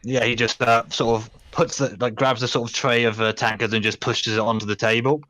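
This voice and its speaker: A young man narrating as game master in a tabletop game, talking haltingly with many fillers. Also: medium pitch, flat delivery, bright, forceful tone.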